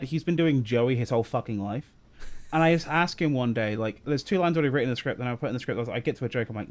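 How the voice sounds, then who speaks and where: A young man hosting a podcast, telling a profane story with animated energy and laughing hard. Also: medium pitch. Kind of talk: casual chat.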